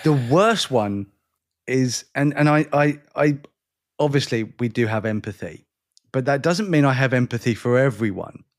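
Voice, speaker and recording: Here a weary man from England chats as a podcast co-host, rambling and poking fun at himself. He speaks at normal speed in a mid-range voice, with an accent halfway between London and educated speech.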